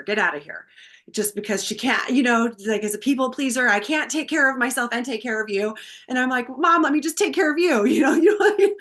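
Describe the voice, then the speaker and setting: A woman guest on a podcast, telling a personal story in a heartfelt, animated way. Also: medium pitch.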